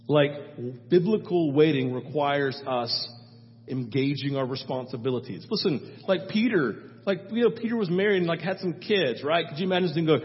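A man preaching a sermon as a pastor, storytelling in an animated way, acting out biblical figures and swinging between loud and soft. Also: fairly high pitch, normal speed. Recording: muffled sound with long hall reverb.

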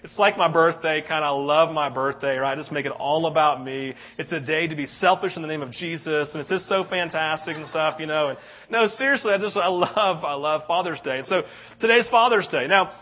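A man's voice: fairly high pitch, brisk, dull audio. A man in his thirties preaching a sermon, telling a story animatedly and often asking "right?". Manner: animated storytelling, tag questions. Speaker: pastor.

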